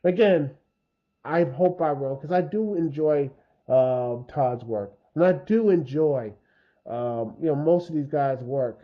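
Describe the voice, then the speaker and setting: A man's voice: a little high, slow. A man hosting a casual commentary video, rambling with many fillers and restarts, growing frustrated and heated. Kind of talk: unscripted opinion commentary. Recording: dull lo-fi mic.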